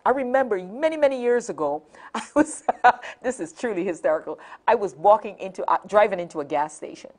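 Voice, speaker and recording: Animated woman hosting a call-in show. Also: medium pitch, fairly quick. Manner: animated storyteller, laughs often, repeats phone numbers. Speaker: talk show host. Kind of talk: lively call-in show talk.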